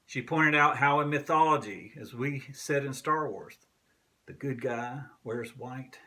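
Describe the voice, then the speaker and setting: A man who is a minister, preaching a sermon in a slow, measured way with long pauses. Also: medium pitch, pushed and bright. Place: church sanctuary.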